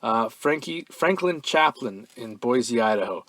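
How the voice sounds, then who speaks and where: A man hosting a fan-mail podcast in a relaxed, offhand way, full of ums and uhs, now and then breaking into loud, profane excitement. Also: medium pitch, a little slow. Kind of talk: casual podcast chat.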